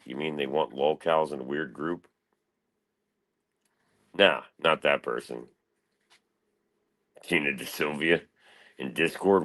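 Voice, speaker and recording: A man's voice: rumbling low, a bit bright. A man hosting a casual livestream, rambling and swearing as he answers chat. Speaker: livestream host.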